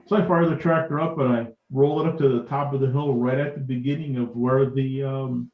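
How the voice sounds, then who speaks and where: Man telling lively stories in an echoey room. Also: medium pitch, brisk. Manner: animated anecdotes, acts out dialogue. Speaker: guest, tractor collector. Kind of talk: storytelling in a podcast interview. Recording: echoey room, dull lo-fi sound.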